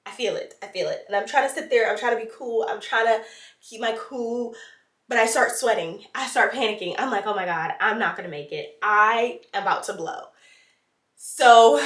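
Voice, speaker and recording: A woman's voice: a little high, reverberant, recorded from a distance. A woman vlogger telling a dramatic storytime in casual chat, full of slang and playful asides.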